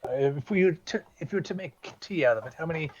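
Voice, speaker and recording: A man's voice: a little high, lively intonation, quick pace, darkish tone. A man playing a tabletop role-play character, polite and hesitant with many ums. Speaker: player. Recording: dull lo-fi audio.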